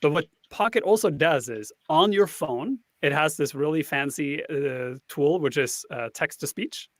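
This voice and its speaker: A man's voice: a little high, unhurried, dry recording. Dry-sounding man explaining at length. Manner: explanatory, thinks aloud with fillers. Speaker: panel guest. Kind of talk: casual panel chat.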